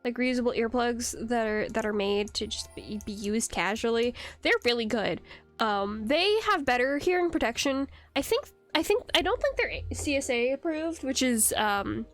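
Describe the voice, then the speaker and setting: A woman's voice: on the high side, lively intonation, normal speed, faint music behind. A young woman streaming a game, chatting casually, rambling and giggling as she answers her chat. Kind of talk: casual live-stream chat while gaming. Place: home computer setup.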